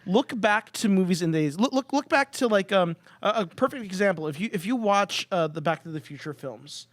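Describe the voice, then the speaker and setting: A man on a casual podcast panel, halting and repeating words as he gets going. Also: high-pitched, animated, dry recording. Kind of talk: casual chat.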